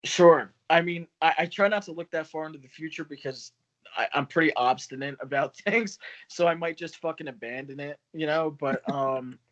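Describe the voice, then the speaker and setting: This man, a poet who runs a small press, has a fairly high, slightly bright voice and a moderate pace as he chats casually on a video call. He swears and laughs often, and the audio is dull and lo-fi.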